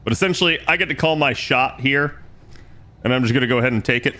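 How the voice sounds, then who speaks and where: A man's voice: mid-range voice, quick pace, bright, forceful tone. A man streaming a strategy game, casually explaining his moves aloud and swearing now and then. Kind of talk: casual gameplay commentary.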